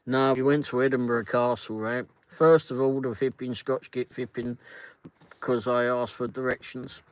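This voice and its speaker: A man's voice: medium pitch, fairly even intonation, normal speed, clear, resonant tone, no echo, poor audio. A man chatting and telling stories on a livestream while driving at night in a car. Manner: chatty storyteller, laughs often. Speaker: livestream host. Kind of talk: casual chat while driving.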